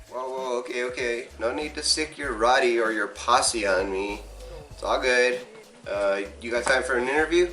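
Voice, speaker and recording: A man's voice: mid-range voice, moderate pace, sharp tone, roomy sound, recorded from a distance, faint music behind. A man acting in a comedy sketch in an easygoing, mild way. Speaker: sketch performer playing a parts store clerk.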